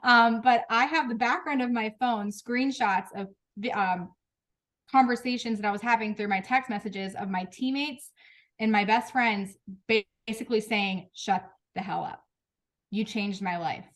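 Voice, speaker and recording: A woman in her thirties speaking frankly and emotionally to her team on a group video call, with quick restarts and laughs. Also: fairly high pitch, a bit bright. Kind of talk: candid motivational talk.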